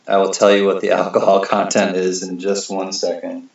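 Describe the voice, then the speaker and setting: Man, relaxed rambling livestream host, low voice, muffled lo-fi audio. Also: normal speed, creaky. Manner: laid-back, rambling, laughs often. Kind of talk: casual chat reading viewer comments.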